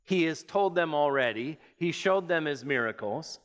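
A man preaching a sermon, reading scripture and explaining it with measured emphasis. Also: lively intonation, a bit bright. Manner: measured, emphatic preaching that rises in pitch as it builds.

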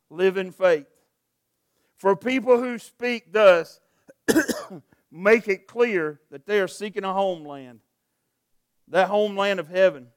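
A man's voice: high-pitched, dry recording, clean studio sound. A middle-aged man preaching a sermon as pastor, reading scripture and building to earnest urgency. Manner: preaching with rising intensity, scripture readings, light jokes.

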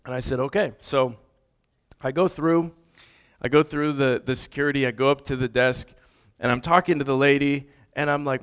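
A man in his thirties preaching, telling a personal story in a lively way with sudden loud bursts. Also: mid-range voice, normal speed, smooth. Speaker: pastor. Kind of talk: storytelling sermon.

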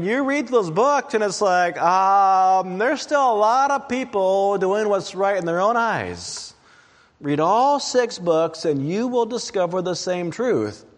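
A man preaching a sermon, reading scripture aloud in a slow and deliberate way. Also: high-pitched, in a large hall.

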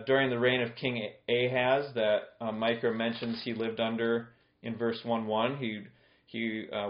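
A male pastor giving an expository sermon in a conversational way, explaining scripture with plain everyday examples. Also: medium pitch. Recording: echoey room, dull lo-fi sound.

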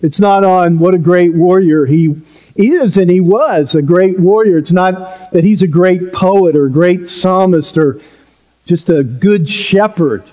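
A man's voice: high voice, unhurried, warm tone. A male pastor preaching a sermon in an earnest, emphatic way, with playful asides.

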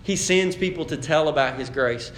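A man preaches a sermon in an easy, conversational way and rises to loud, animated emphasis. His voice sits a little high and rings through an echoey church hall. A faint hum of room noise sits behind him. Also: moderate pace. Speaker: pastor.

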